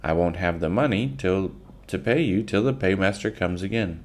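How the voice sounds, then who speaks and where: A man reading a storybook aloud and voicing a calm, firm frontier father who speaks coolly and steadily. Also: deep voice, moderate pace. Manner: cool, steady and quiet.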